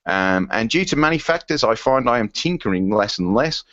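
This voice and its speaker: Clumsy Australian accent, male listener, man reading, halting, lo-fi dry recording. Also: medium pitch, animated, a bit bright, no room sound, faint music behind, lightly acted. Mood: amused. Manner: halting reading, breaking into laughter.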